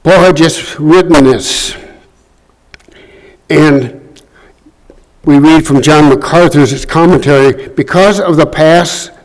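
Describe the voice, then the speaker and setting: Slow, deliberate man preaching. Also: fairly high pitch, low-quality recording. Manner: slow, deliberate, reading scripture aloud. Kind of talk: sermon. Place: church room.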